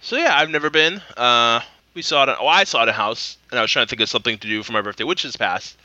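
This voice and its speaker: A man co-hosting a podcast in casual chat, telling stories quickly and animatedly. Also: mid-range voice, big pitch swings, pushed and bright, no echo, muffled recording. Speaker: podcast co-host.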